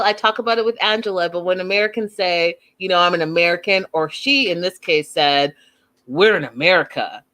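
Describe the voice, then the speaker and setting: A woman hosting a casual reality TV recap, chatty and animated, acting out the people she quotes. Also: medium pitch. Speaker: show recap host.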